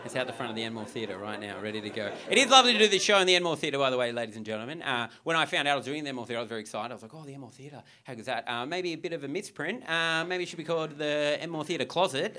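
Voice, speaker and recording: A man's voice: mid-range voice, expressive, rapid-fire, few pauses. A young Australian man doing a stand-up comedy set in a theatre, telling stories with swearing and acted-out dialogue. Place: theatre comedy club on stage. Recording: live stage recording with audience noise.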